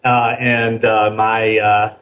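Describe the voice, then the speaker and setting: Measured middle-aged man with many pauses. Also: lowish voice, level tone, fairly bright tone, lo-fi sound. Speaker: race director, interview guest. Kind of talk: casual interview chat.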